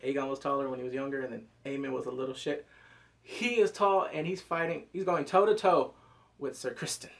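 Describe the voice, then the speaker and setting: A man reviewing a TV episode in excited casual commentary, cursing freely, breaking into loud exclamations and quick character impressions. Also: medium pitch, gravelly. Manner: animated, profane, jumps into loud exclamations; mimics characters in quick asides.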